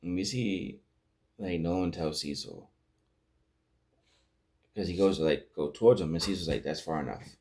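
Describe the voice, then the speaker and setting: Man, deep low voice, casual commentary, rambling recap, retells scenes. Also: normal speed, long pauses, a little mellow. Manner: rambling recap with restarts and acted-out quotes. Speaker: show reviewer.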